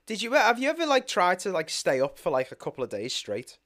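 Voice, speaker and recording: A man's voice: sits high, wildly swooping pitch, a little fast, a bit bright. A young British man co-hosting a podcast, telling stories in casual chat, swearing freely, laughing often and acting out his own thoughts. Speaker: podcast co-host.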